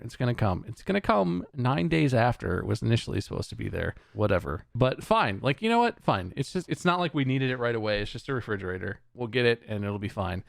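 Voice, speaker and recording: A man's voice: mid-range voice, vocal fry, no echo, studio quality. A man hosting a podcast, telling an exasperated, sarcastic story in casual chat, swearing freely and laughing along the way. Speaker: podcast host.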